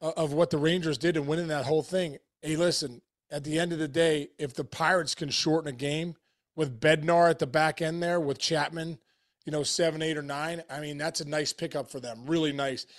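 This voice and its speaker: A man with a fairly high voice co-hosts a sports talk show. He gives emphatic, encouraging takes. His tone stays conversational. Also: steady tone, brisk. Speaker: sports radio co-host.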